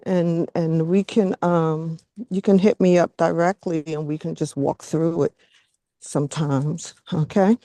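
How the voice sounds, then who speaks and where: A woman leading a group video call, speaking gently and encouragingly. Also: sits low, steady tone, unhurried, no echo. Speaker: group facilitator.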